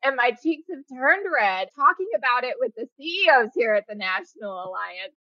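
A woman's voice: fairly high pitch, brisk, no room sound, highs cut off. A woman hosting a podcast, chatting casually with her guest and laughing often. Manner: laughs often, animated and teasing. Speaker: podcast host. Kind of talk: casual interview chat.

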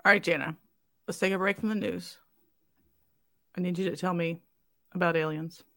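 A woman's voice: lowish voice, steady tone, normal speed, sharp tone, dry recording. A woman co-hosting a casual podcast who teases her partner with dry banter. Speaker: podcast co-host.

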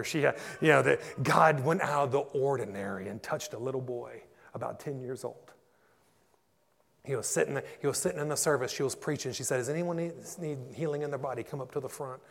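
Gravelly man preaching in a hall. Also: medium pitch. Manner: passionate storytelling, rising to shouts in climaxes. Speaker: pastor. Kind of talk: sermon. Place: church. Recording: echoey church hall.

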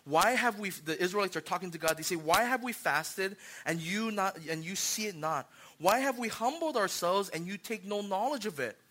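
A young man preaching a sermon, animated, acting out little scenes and swinging from hushed lines to loud ones. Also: sits high, normal speed. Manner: animated, acts out voices, swings from hushed to shouting. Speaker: pastor.

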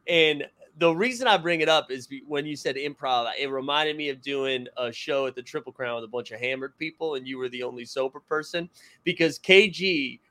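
A man's voice: medium pitch, a little fast, bright, forceful tone. A man co-hosting a casual sports talk show, telling anecdotes animatedly and laughing through them. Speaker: podcast co-host.

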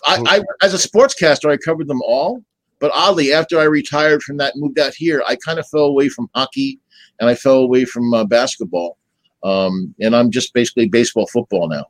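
A man's voice: mid-range voice, brisk, rough recording. Stammering, wisecracking older man. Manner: self-deprecating storyteller, stammers repeated words, does voices in anecdotes. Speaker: guest, retired sportscaster. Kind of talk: casual chat.

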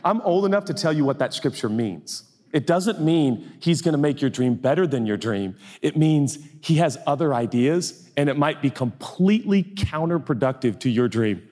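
A man's voice: fairly high pitch, lively intonation, normal speed, few pauses, a little mellow. Man preaching in a reverberant hall. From US Northwest. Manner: conversational, jokey, acts out little dialogues. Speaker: pastor. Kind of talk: sermon. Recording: long reverb of a large hall.

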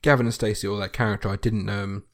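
A man's voice: on the low side, flat delivery, very fast. A man co-hosting a podcast, bantering wryly and swearing casually while recapping a sitcom. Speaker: podcast co-host.

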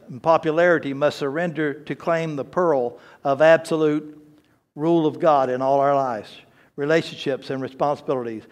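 A man preaching a sermon, earnest and emphatic, telling a story to make his point. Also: on the high side. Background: faint guitar music.

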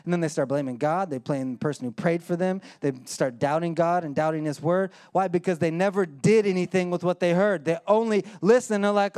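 A pastor, likely in his thirties or forties, preaching and telling a story, acting out voices and dropping low and quiet for serious points. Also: brisk, few pauses, smooth. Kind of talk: sermon with storytelling.

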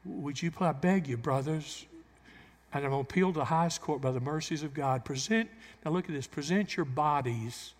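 A pastor preaching a sermon in a church, swinging into loud emphatic bursts and acting out the quotes he cites. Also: fairly high pitch, a little fast. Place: church sanctuary. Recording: long hall reverb.

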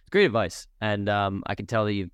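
A man's voice: fairly low pitch, a little fast, clean tone, no room sound, studio quality. A man hosting a podcast, asking questions in a casual, curious way and laughing easily. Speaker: podcast host. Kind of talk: casual interview chat.

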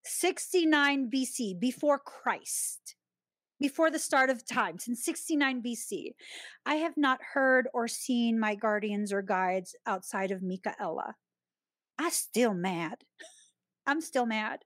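A woman hosts a podcast, recounting a personal story in a casual, expressive way with frequent laughter. Her voice sits a little high. The recording is dry and close. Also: slow pace, no echo. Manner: chatty and expressive, laughs often while telling a story. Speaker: podcast host.

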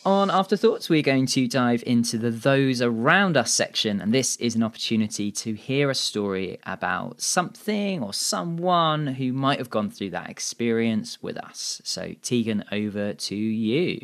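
A man hosting a podcast, introducing segments and reacting in a friendly, animated way. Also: mid-range voice, measured pace, few pauses. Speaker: podcast host.

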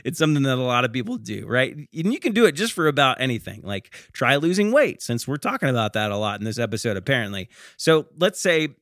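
A man's voice: medium pitch, big pitch swings, quick pace, hardly any pauses, fairly bright tone, no echo, clean studio sound. A middle-aged man hosting a casual motivational podcast. He talks in a chatty, stammering way and keeps tagging his lines with "okay?" and "right?". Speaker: podcast host.

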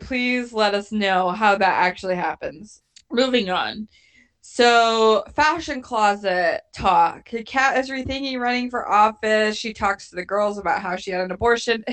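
A woman's voice: a little high, a bit bright. A young woman co-hosting a podcast in casual chat, talking in loose, filler-filled sentences and laughing often. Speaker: podcast co-host recapping a TV show.

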